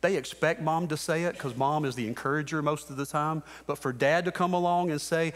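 A man's voice: on the high side, fairly quick, hardly any pauses. A man in his thirties delivers a sermon from the pulpit in an earnest, exhorting way. He drives his points home by repeating short phrases. His voice carries a long church reverb. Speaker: pastor. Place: church sanctuary.

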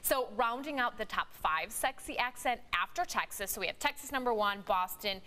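Woman, Chicago accent, news co-host, fairly high voice, chatty and joking. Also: animated, moderate pace, sharp tone. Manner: chatty, joking, reads out tweets. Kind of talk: casual on-air banter.

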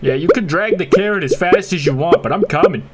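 A man's voice: sits high, wildly swooping pitch, a little fast, over loud music. A man giving crude, jokey gameplay commentary, often switching into silly voices. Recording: loud game noise behind the voice.

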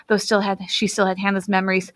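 A woman narrating a novel aloud in a steady, even reading style. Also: mid-range voice, fast talker, no echo. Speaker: audiobook reader. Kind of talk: storybook narration.

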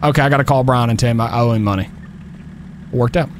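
A man streaming a police role-play game, talking in excitable slang and laughing a lot. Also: medium pitch, quick pace, noisy background. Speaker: streamer playing a police officer.

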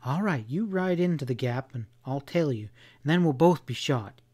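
A man's voice: fairly high pitch, lively intonation, normal speed, darkish tone, husky. A man reading an audiobook, voicing an urgent, stubborn young frontier woman in a raised, pleading tone. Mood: exasperated.

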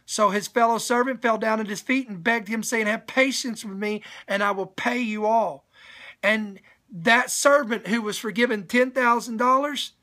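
A man preaches a sermon on a live stream in a very high voice that's pushed and bright. He reads a scripture passage aloud, often stopping to urge listeners to stay and pay attention.

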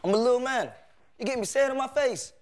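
A man's voice: extremely high pitch, quick pace. A young man, a reality show housemate, aggressively taunting another housemate in street slang. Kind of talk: heated confrontation.

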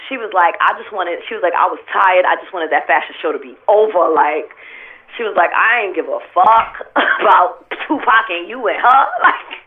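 A woman's voice: on the low side, normal speed. Blunt, profane woman on a tinny phone line. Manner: blunt, profane, animated storytelling. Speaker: interview guest. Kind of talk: candid interview talk.

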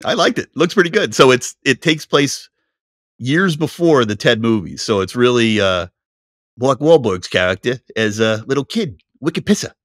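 A man co-hosting a casual podcast chat, animated and quick to laugh, sometimes reading aloud from notes. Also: medium pitch, no room sound, studio quality. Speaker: podcast co-host.

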